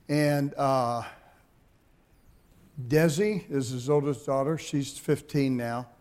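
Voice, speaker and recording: An older man, a pastor, telling folksy family stories in a sermon, animated and laughing at his own jokes. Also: mid-range voice. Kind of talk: sermon storytelling.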